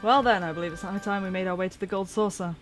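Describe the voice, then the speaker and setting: A woman's voice: medium pitch, fast talker, lightly acted. A woman reading aloud as a formal, courteous male attendant with old-fashioned phrasing, over faint music. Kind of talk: reading game dialogue aloud.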